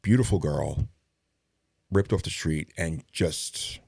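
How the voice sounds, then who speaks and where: A man's voice: extremely low pitch, slow pace, vocal fry, a little mellow, breathy edge, no echo, studio quality. A middle-aged man, a retired police detective, tells rambling, profane stories in a casual interview. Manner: profane, rambling storyteller who acts out others' lines.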